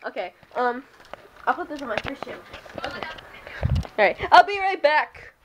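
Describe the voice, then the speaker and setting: Teen girl vlogging at home, giggly and rambly, kinda high voice, noisy old cam. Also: sing-song, moderate pace. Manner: giggly, rambling, self-deprecating. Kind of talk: casual vlog.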